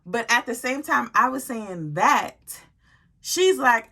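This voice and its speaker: A woman telling a story to her viewers in a casual, animated way, full of slang and swearing. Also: on the high side, slow pace.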